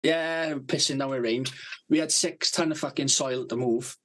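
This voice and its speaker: A man's voice: mid-range voice, moderate pace, fairly bright tone, low-quality recording. Brash, foul-mouthed man. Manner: swears constantly, blunt and brash. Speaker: podcast co-host. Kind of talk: casual chat, rambling storytelling.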